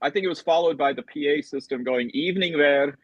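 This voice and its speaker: A man hosting a casual panel talk show, teasing his guests playfully with many quick restarts. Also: on the high side, no room sound, muffled recording.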